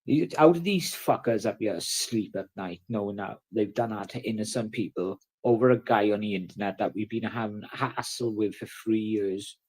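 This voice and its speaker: A man's voice: lowish voice, normal speed, few pauses, a little mellow. A man hosting a casual livestream, ranting and swearing in between jokes. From Wales. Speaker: livestream host.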